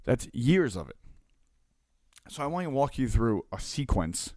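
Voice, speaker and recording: A man casually telling a story to his audience in a lively way, acting out both sides of a conversation and tagging his lines with "right?". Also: mid-range voice, unhurried, no echo, studio quality. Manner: animated, acts out dialogue, constant "right?" tags. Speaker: coach and online marketer.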